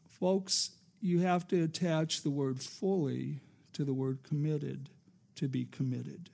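A man preaches a sermon, in a rather high, gravelly voice. He takes his time, lets his phrases rise and fall for emphasis, and drops to a near hush before asking the congregation for an amen. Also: fairly even intonation, slow. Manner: preacherly, rising and falling for emphasis, calls for amen. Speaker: pastor.

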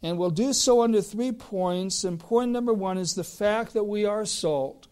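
A male preacher delivering a Sunday sermon in a high voice. He speaks slowly and deliberately, drawing out key phrases and rising to emphatic declarations. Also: a little mellow, clear, resonant tone. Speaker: pastor.

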